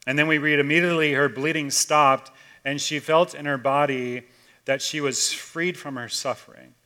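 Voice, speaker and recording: A man, a pastor, preaching a conversational sermon and telling a story casually, swinging between loud and hushed. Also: on the high side, steady tone, moderate pace, smooth.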